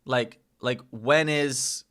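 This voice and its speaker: A man's voice: medium pitch, fairly even intonation, drawn-out words, a bit bright. A man streaming live, learning a language and thinking aloud, repeating phrases and correcting himself. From United States. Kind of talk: casual live-stream self-study.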